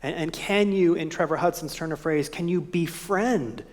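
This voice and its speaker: A pastor delivers a sermon in a gentle, thoughtful manner, often ending his points with quiet rhetorical questions. His voice sits a little high for a man. The sound rings with the long reverb of a church sanctuary. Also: normal speed.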